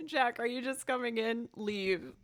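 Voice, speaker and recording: A woman's voice: fairly high pitch, unhurried. A woman musician livestreaming, chatting in a giggly, hyper, self-conscious way between loops.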